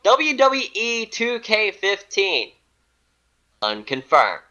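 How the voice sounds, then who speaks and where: A man's voice: high voice, wildly swooping pitch, slow, pushed and bright, highs cut off. A man co-hosting a casual gaming podcast, reading off a list in a rising and falling singsong with frequent laughs. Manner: reads items in a rising-then-falling singsong, laughs often; giggly, self-mocking. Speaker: podcast co-host.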